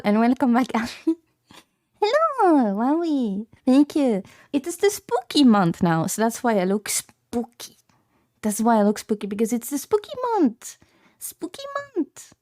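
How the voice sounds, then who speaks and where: A woman's voice: a little high, expressive, unhurried, mellow, dry recording, clean studio sound. A woman livestreaming from home, chatting casually with her viewers in a bubbly, giggly way, repeating greetings playfully.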